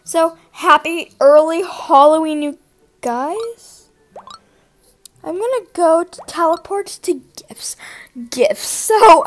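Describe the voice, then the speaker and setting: A woman giving excited gameplay commentary to her viewers, gushing, gasping often and calling out to them constantly. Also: high voice. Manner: gushing, gasps often, keeps saying "you guys". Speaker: gaming video creator.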